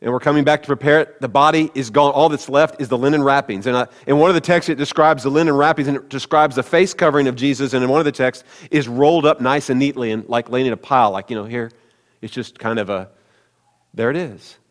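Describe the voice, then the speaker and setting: A man's voice: medium pitch, fast talker. A man preaching a sermon as pastor, talking conversationally and speaking directly to his congregation. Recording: long hall reverb.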